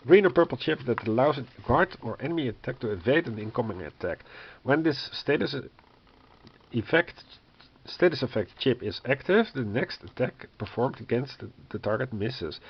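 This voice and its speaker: Husky and animated at a moderate pace, a medium-pitched board game reviewer reads through a rulebook while thinking out loud. Frequent coughs mark a voice that's giving out, and his hesitant, filler-heavy delivery is wryly exasperated over dull lo-fi audio with faint noise.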